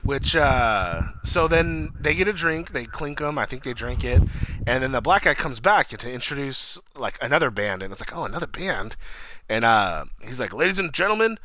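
A man in casual chat, excitedly retelling a TV episode, swearing and rambling. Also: mid-range voice, normal speed, background noise.

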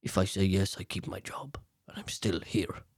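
A cowed henchman, played by a man who mutters his thoughts low and fearfully, now and then slipping into a whisper. The voice drops well below the man's usual pitch and sounds quiet and close. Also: lively intonation, normal speed, breathy edge, no room sound, exaggerated voice. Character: frightened male henchman, yes-man to his boss.

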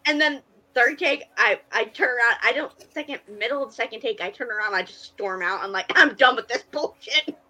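A woman's voice: fairly high pitch, fairly quick, sharp tone, rough recording. A woman co-hosting a casual podcast chat, telling a story with lots of energy, acting out the dialogue and swearing freely. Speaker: podcast co-host.

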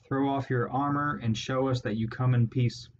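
A man's voice: mid-range voice, fairly even intonation, normal speed, close to an everyday voice. A man voicing a fearless female badger defender in a storybook reading, with a harsh, commanding delivery. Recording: dull lo-fi audio, faint hiss.

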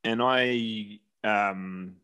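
A man's voice: fairly low pitch, fairly even intonation, very slow, sharp tone, clean tone. A man in his thirties from New Zealand, casually telling a travel story with lots of fillers and restarts.

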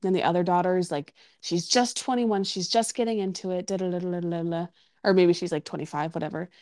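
A woman's voice: lowish voice, steady tone, fast talker, darkish tone, dry recording, clean studio sound. A woman co-hosting a podcast in casual chat, rambling with many fillers and restarts. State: has the hiccups. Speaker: podcast co-host.

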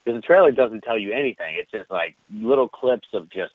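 A man telling an animated, profane anecdote in casual conversation, laughing often. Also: fairly low pitch, fairly quick, no room sound. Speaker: guest. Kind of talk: casual storytelling. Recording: tinny phone-like line.

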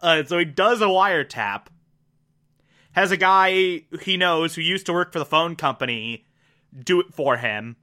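A man's voice: fairly high pitch, bright, forceful tone. A man casually recapping a TV episode, enthusiastic and rambling, laughing at himself. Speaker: TV episode reviewer. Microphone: desk mic.

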